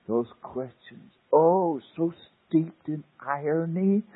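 A man preaching a sermon, swinging dramatically from loud declarations to hushed near-whispers, with a husky voice. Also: on the low side, lively intonation, measured pace, long pauses. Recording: tinny phone-like old sermon tape.

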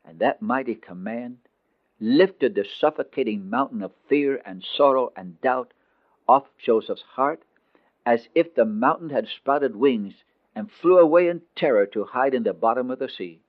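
Man reading a dramatic story aloud. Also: mid-range voice. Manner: expressive, slowing on emotional phrases. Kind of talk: dramatic scripted narration. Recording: tinny phone-like dry recording.

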